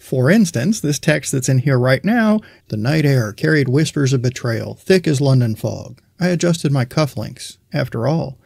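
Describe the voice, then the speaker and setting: A man hosting a software tutorial, explaining steps in a friendly, conversational way. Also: medium pitch, creaky, dry recording, clean studio sound. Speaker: tutorial host. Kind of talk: screen-recorded software tutorial.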